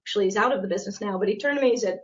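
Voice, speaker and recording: A woman real estate agent chatting on a podcast, animated and quick to laugh, acting out the lines she quotes. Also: mid-range voice, slight background noise. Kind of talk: casual podcast conversation. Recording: muffled lo-fi audio.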